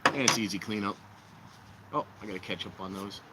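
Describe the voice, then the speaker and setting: A man's voice: on the low side, fairly quick, noisy background. Rambling man on an outdoor livestream. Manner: rambling, joking, talks to viewers. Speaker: livestream host. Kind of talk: casual livestream chat. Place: outdoors by a fire pit.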